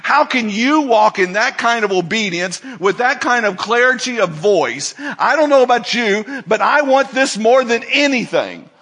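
Male preacher, husky and bright, dynamic sermon delivery with big swings in volume. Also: sits high. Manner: dynamic preacher, swinging from soft asides to loud emphatic declarations. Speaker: pastor.

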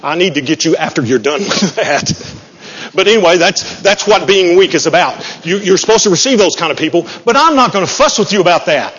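A man preaches in a folksy, joking way, running a little high and husky. His voice rings out with a long hall reverb, and the recording is muffled. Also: animated, a little fast, fairly bright tone. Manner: folksy, joking, self-deprecating. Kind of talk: sermon. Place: church sanctuary.

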